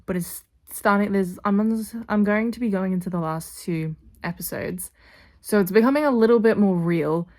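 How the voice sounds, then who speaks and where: Young adult woman, reaction vlogger: excitable, rambling delivery in a slightly low register. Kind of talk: casual reaction vlog.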